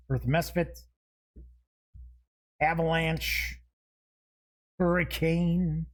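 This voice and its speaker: A man's voice: a little high, expressive, takes it slowly, pauses often, a little mellow. A man hosting a show, giving casual unboxing commentary. He reads item names aloud one after another with short asides and chuckles at himself. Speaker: show host.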